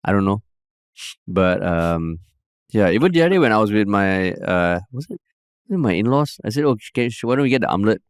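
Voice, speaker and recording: Singaporean male co-host, lowish pitch, clear tone, playful. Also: a little fast, dry recording, clean studio sound. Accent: Singaporean English. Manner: animated storyteller, jokey. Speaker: podcast co-host. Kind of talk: casual chat.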